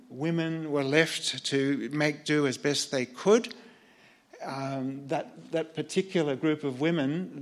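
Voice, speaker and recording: An older man and former missionary telling a personal story in an earnest, halting way, often repeating words as he searches for them. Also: fairly high pitch.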